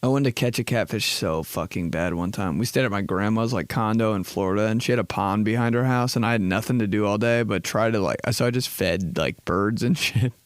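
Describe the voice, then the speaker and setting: A man's voice: fairly low pitch, brisk, hardly any pauses, dry recording. Profane young man rambling comedic stories. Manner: profane, animated storytelling with put-on voices. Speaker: podcast host.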